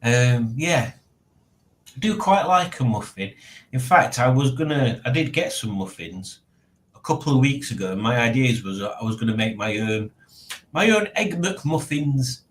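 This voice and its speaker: A man's voice: medium pitch, expressive, normal speed. Bloke rambling through his stream chat at home, medium voice, bit of room echo. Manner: rambling, reads chat messages aloud, chuckles to himself. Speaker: livestream host reading chat. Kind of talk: casual chat. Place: at home, indoors.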